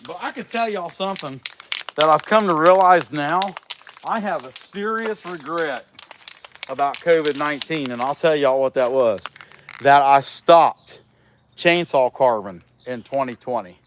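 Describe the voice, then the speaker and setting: A middle-aged man with a mid-range, slightly bright voice chats on a livestream while carving with a chainsaw in an outdoor workshop. He reads out viewer comments in an easygoing way and has a slight sniffle from a cold. There's a little hiss or hum in the background.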